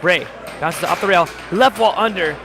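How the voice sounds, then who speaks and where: A man doing live-stream sports commentary, calling plays in quick bursts and reading chat aloud with jokes. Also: high voice, music in the background. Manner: rapid play-calling, reads chat aloud, jokey. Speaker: play-by-play commentator. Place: home studio.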